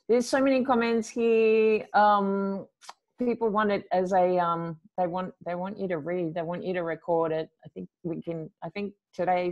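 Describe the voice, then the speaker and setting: A woman's voice: medium pitch, darkish tone, dull audio. Woman host, online event, chatty, encouraging, filler-heavy. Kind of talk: live online event hosting.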